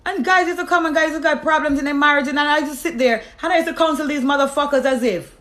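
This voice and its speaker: Talking fast in a slightly bright voice, a woman shares her life testimony with an audience in a casual, emphatic monologue full of profanity. When she acts out her exchanges with God, she drops into lower tones.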